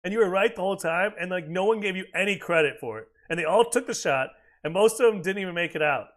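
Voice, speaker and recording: Animated and fast, this man's voice runs high with a slightly bright quality. He's from the United States and chats casually, cursing freely and rambling between reactions while streaming a video game.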